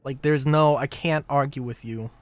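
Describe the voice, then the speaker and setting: A man's voice: medium pitch, steady tone, moderate pace, no echo. A young man streaming a game live, rambling in casual commentary and often breaking into laughter.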